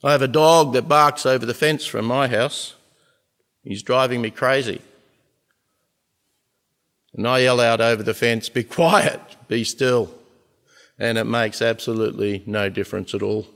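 Pastor preaching in a reverberant hall. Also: male voice, mid-range voice, fairly even intonation, fairly bright tone. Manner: earnest, with emphatic pauses and swells in volume. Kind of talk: sermon. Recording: long reverb of a large hall.

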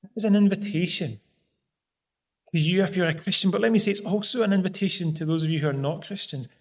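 A man's voice: high voice, fast. A man preaching a sermon in an earnest, pleading way, pressing hard on key phrases.

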